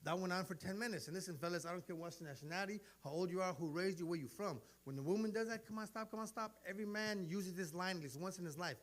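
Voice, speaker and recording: Speaking fast with a high voice and barely pausing, a man in his forties performs profane stand-up at a live comedy club. His storytelling is animated, and he voices each character he describes.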